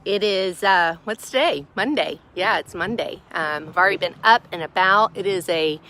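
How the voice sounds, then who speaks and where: A woman's voice: lowish voice, moderate pace. A chatty, cheerful woman, vlogging outdoors by her chicken coop. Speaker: homesteading vlogger. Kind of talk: casual vlog chat. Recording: loud outdoor noise behind.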